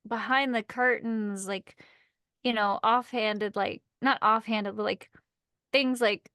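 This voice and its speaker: Southern lady narrator chatting away, high voice, dry close mic, says like a lot. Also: slow pace, smooth, no echo. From Texas. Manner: animated storyteller, many "like" fillers. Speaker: audiobook narrator, guest. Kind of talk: casual chat.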